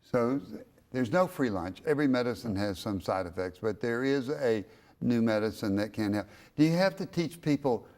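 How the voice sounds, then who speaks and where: A man's voice: mid-range voice, animated, normal speed, darkish tone. A man hosting a health talk show, curiously asking a doctor follow-up questions and summarizing the answers. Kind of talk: interviewing a doctor.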